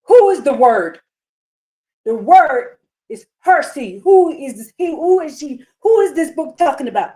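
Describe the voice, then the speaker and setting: A woman with a high voice leads a religious commentary livestream. She preaches with heated indignation, hammering her points home by asking the same rhetorical question again and again. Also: very animated, a little slow, dark tone. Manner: emphatic, repeats rhetorical questions. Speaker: livestream host.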